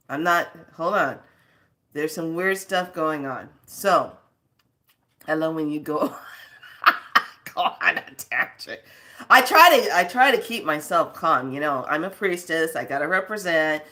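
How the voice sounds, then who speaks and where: A woman with a low voice talks slowly and casually on her spiritual channel. She scolds and rambles, wandering off on tangents. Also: sharp tone. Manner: scolding, rambling, laughs between stories. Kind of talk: casual spiritual vlog talk.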